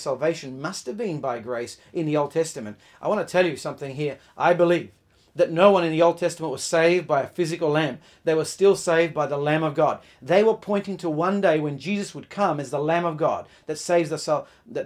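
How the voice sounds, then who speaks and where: A man preaching a sermon, emphatic, often restarting words and putting questions to his listeners. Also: a little high.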